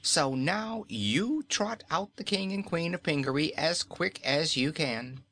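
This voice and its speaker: A man's voice: fairly high pitch, expressive, measured pace, sharp tone, voice pushed up, heavily acted. A man voicing a bold, indignant little girl who scolds firmly. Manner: scolding, firm.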